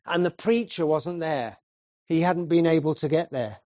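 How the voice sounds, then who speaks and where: A man preaching a sermon in a measured storytelling voice, asking his listeners questions. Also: on the high side, darkish tone, dry recording, studio quality.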